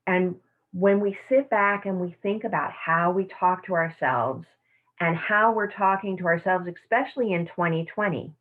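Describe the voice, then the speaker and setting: A woman teaching a self-care class, speaking in a soft, slow, affirming way over a video call. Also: on the low side. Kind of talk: guided meditation and teaching. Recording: tinny phone-like audio.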